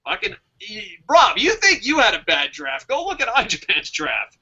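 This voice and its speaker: A man's voice: high-pitched, huge pitch swings, moderate pace, pushed and bright, slightly rough, highs cut off. A man hosting a fantasy wrestling draft show, talking in a casual, profane way and laughing at his own jokes.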